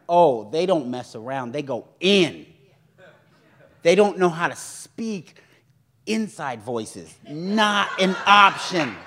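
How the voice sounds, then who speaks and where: Young man, preacher, sermon, lively swooping pitch, slightly high, joking. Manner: animated, joking, acts out voices of others.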